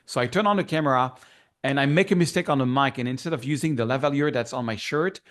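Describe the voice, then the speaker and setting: A man's voice: mid-range voice, quick pace, a bit bright. A man with a French accent, a guest in a casual interview, telling his story with animation and acting out remembered dialogue. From France.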